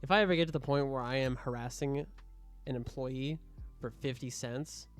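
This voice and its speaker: A man's voice: medium pitch, moderate pace. A young man casually commenting while streaming a game, joking and mock-scolding the customers, with faint music behind him.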